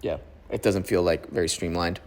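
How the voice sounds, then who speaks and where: A man's voice: sits low, fairly even intonation, moderate pace, a little mellow. A man from Oklahoma, an actor and podcast guest, chatting casually, explaining things at length and dropping dry one-liners.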